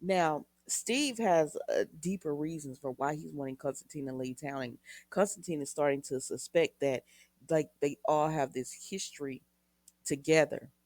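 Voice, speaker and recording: Gravelly-voiced woman chatting through a recap. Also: deep voice, moderate pace, darkish tone, no echo. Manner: chatty, retells scenes with quoted lines and asides to viewers. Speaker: soap opera recap vlogger. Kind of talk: casual episode recap.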